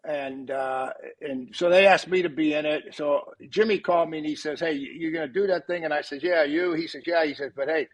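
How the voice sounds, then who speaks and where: Husky older man telling stories. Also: a little high, fairly quick. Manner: animated storyteller who acts out quoted dialogue. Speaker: podcast guest, retired football coach. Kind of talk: casual anecdotal storytelling.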